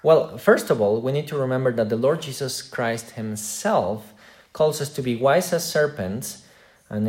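A man preaching a sermon in a middle-pitched voice, earnest and direct. He puts questions to his congregation and swings between loud emphatic lines and quiet asides. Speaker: pastor.

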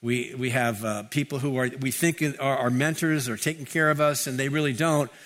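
A man's voice: medium pitch, steady tone, moderate pace, fairly bright tone. A male pastor preaching a sermon in a conversational, reflective way, repeating phrases for emphasis.

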